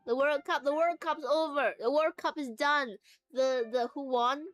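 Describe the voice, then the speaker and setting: A woman's voice: sits high, normal speed. A woman streamer chatting casually to her livestream viewers from home, rambling and playful as she drifts between topics. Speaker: VTuber streamer. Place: at home, sitting on the floor.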